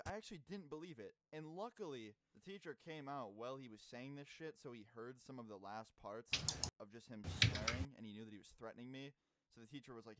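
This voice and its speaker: A young man in casual vlog storytelling, animated and profane, with sudden loud outbursts while telling a school story. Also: medium pitch, brisk, very noisy. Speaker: YouTuber. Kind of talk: casual storytime over gameplay.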